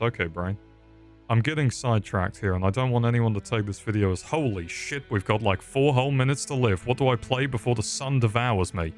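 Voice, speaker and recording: A man reading a rambling, self-mocking scripted video essay, stuttering and going off on tangents. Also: lowish voice. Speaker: YouTube host.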